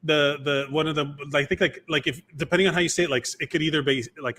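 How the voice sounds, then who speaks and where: Bright-voiced rambling man. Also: a little high, steady tone, quick pace, hardly any pauses. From Miami, USA. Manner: rambling, lots of fillers and restarts. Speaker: podcast co-host. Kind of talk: casual chat.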